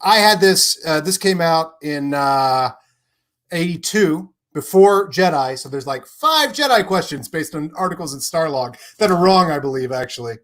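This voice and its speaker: A man on a livestream as a guest, chatting casually in a rambling, animated way, full of fillers and laughs. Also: on the high side, moderate pace. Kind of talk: casual chat. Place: home, on a livestream.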